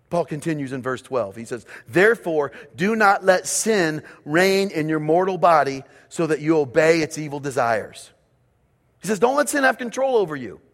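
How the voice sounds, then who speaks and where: A man's voice: high voice, fairly bright tone. A man preaching a sermon as pastor, speaking emphatically and repeating key phrases for his congregation. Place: church auditorium. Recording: long reverb of a large hall.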